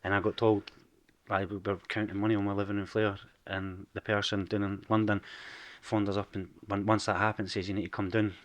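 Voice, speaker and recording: Scottish man, forties, Edinburgh accent, lowish, candid guest storyteller. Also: little pitch movement, a little fast, hardly any pauses. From Scotland. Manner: frank storytelling, swears freely. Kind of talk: casual podcast interview.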